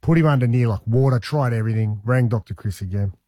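A man, telling a long personal story on a radio show in an animated, conversational way. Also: mid-range voice, fast talker, dry recording, studio quality. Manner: animated, conversational, says "man" and "mate" often. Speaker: radio host.

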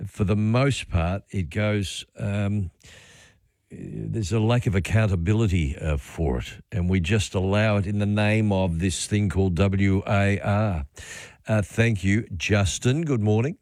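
Australian host, lowish pitch, dry studio mic, relaxed rambling talkback delivery. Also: male voice, measured pace, dry recording. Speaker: radio host. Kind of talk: talkback radio chat. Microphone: studio microphone.

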